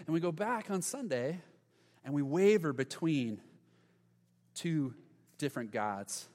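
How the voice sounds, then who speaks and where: Man preaching in an echoing hall. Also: fairly high pitch. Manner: animated, conversational preaching with dramatic pauses. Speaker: pastor. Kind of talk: sermon. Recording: long hall reverb.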